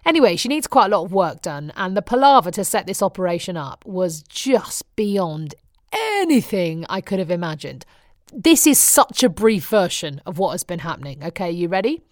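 A woman's voice: fairly low pitch, sing-song, normal speed, no room sound. Brief: middle-aged British woman, wry chatty presenter, dry close sound. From Britain. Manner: wry, chatty storytelling with frequent laughs. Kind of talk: chatty personal diary monologue.

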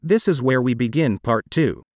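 Synthetic male voice, host narration, lively pitch contour, dry studio sound. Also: moderate pace, no echo. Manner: synthetic, evenly paced reading. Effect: computer-generated voice. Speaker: podcast host. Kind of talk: scripted narration.

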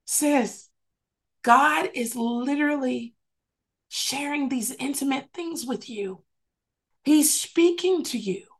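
A woman's voice: high-pitched, slow pace, pauses often. A woman teaching a Bible study over a video call, preaching fervently in rhythmic, repeated phrases and calling on listeners to respond. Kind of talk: sermon-style Bible teaching.

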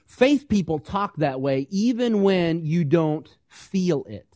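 A man preaching a sermon, animated, asking the congregation questions and acting out the voices he quotes. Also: on the high side, slow pace, dry recording, studio quality. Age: young adult or middle-aged, parent of small kids. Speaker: pastor.

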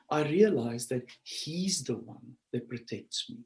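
A man, a pastor, teaching through a Bible passage over a shared screen, dwelling on word meanings one phrase at a time and rising into loud, high emphasis when he preaches. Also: expressive, unhurried, few pauses, reverberant.

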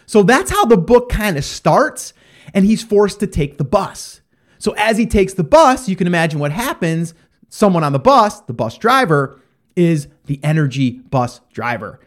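A man's voice: sits high, big pitch swings, normal speed. A man giving a casual motivational talk to listeners, rambling and conversational with lots of fillers and restarts. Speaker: parent talking to listeners.

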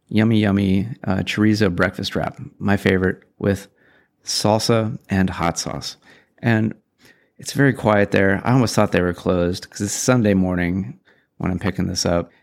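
Gravelly-voiced man telling a frustrating story. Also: on the low side. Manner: rambling, exasperated, self-deprecating retelling. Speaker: vlogger telling a personal story. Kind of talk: casual storytelling.

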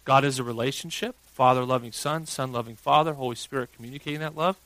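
A man in his thirties, a pastor preaching a sermon and telling a family story with big swings from hushed to loud. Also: mid-range voice, fast talker, dry recording, rough recording.

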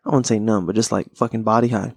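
A man's voice: fairly low pitch, steady tone, quick pace, gravelly, a little mellow, breathy edge, no echo. A man hosting a casual solo podcast, rambling and laid-back with a lot of swearing, talking close to the microphone. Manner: rambling, profane, laid-back stoner talk. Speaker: podcast host.

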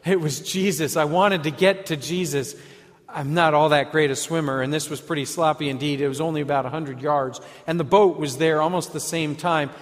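A man with a slightly high voice tells an apostle's story in the first person. He drops to a hush, then picks up eagerly. A long reverb trails his voice through a hall. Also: fairly even intonation, normal speed. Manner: storytelling, swinging between hushed and eager.

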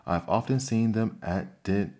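A man's voice: on the low side, unhurried, mellow, pitched above the performer's own voice. A man voicing Alice, a curious and polite young girl, in an ASMR bedtime story reading.

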